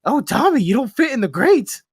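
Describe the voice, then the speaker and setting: A man putting on a creepy male clown monster who slowly coaxes and taunts his victims, as a joke during podcast chat. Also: very high voice, sing-song, husky, dry recording, clean studio sound, pitched above the performer's own voice, exaggerated voice. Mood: luring. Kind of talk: comedic impression in podcast banter.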